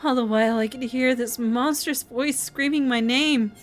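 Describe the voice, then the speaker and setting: A woman voicing a grieving young villager in a fantasy game, speaking in a halting, hurt way. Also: sits high, soft background music, voice pushed up, lightly acted. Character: grieving young villager who lost a friend.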